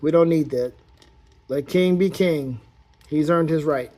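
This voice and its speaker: Guy chatting loosely about action figures, playful, thinking out loud. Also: a little high, a little slow. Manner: rambling and playful, thinks aloud while posing the figure. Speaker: toy collector reviewing action figures. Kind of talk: casual unboxing-style toy review.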